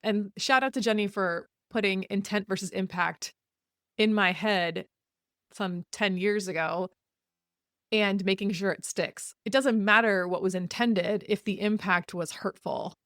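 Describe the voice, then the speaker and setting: A woman's voice: medium pitch, a little slow, fairly bright tone, no echo, studio quality. A woman hosting a podcast, talking frankly in a casual advice monologue, often laughing and acting out example apologies in quotes. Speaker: podcast host.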